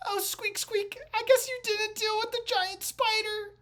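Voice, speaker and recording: A woman voicing a nervous male rat creature who squeaks between his words. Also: steady tone, a little slow, crowd noise. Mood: rueful. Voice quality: squeaky, peppers speech with "squeak".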